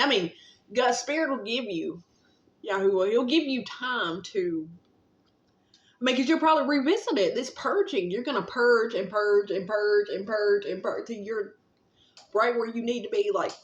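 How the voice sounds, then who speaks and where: A woman's voice: mid-range voice, moderate pace. Woman, spiritual vlog, laid-back, rambling, affectionate, fillers, roomy room, slightly muffled sound. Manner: gently encouraging, affectionate. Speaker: spiritual vlogger. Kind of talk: casual spiritual pep talk. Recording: roomy, slightly dull recording.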